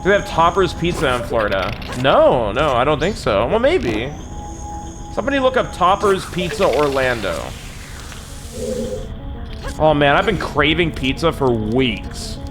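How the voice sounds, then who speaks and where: Lively young male game streamer. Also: fairly high pitch, unhurried, over music. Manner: rambling, profane, says bro a lot. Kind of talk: casual live-stream chat.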